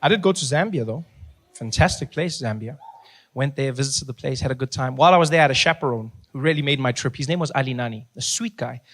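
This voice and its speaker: A man's voice: mid-range voice, fast, a bit bright. A man from Africa, doing stand-up in a conversational, emphatic way. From South Africa. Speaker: stand-up comedian. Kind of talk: stand-up storytelling.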